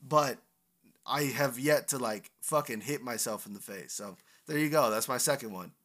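A young man co-hosting a casual podcast, talking candidly and profanely with animated storytelling. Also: mid-range voice, normal speed. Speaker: podcast co-host.

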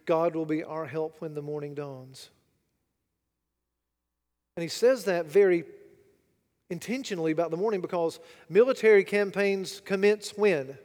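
High-voiced preacher in a big hall. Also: male voice, moderate pace, long pauses. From United States. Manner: dramatic, rhetorical, swings between loud and hushed. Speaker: pastor. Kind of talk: sermon.

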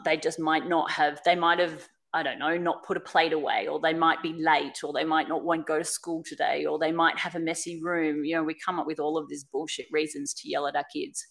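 A woman's voice: sits low, gravelly, a bit bright. A woman speaking on a podcast in a candid, earnest, reflective way, repeating phrases for emphasis. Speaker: podcast guest.

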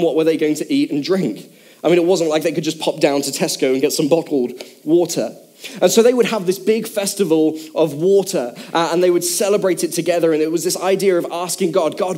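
A man's voice: fairly high pitch, darkish tone. A man preaching a sermon in a casual, chatty way with many fillers, speaking to a congregation in a church hall.

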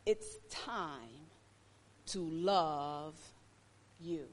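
A woman preacher delivering an emphatic, repetitive sermon, swinging between loud and soft. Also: high voice, expressive, unhurried. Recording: long hall reverb.

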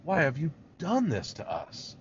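A man's voice: fairly high pitch, huge pitch swings, unhurried, slight background noise, pitched above the performer's own voice. A man doing the whiny, grumbling Israelites. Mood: complaining. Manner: sarcastic, complaining. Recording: dull lo-fi recording.

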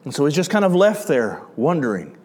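A man's voice: fairly high pitch, huge pitch swings, a little fast, darkish tone, husky. A man with a Southern accent preaching a sermon as pastor, talking conversationally and putting questions to his listeners. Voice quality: conversational, asks the audience questions.

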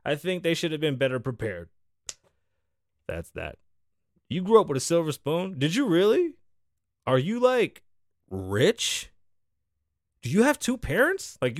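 A man's voice: a little high, fairly bright tone, no echo, clean studio sound. A man from the Bronx, hosting a podcast in loose, profane, riffing chat and teasing his co-host. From the Bronx, New York. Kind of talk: casual freestyle podcast talk.

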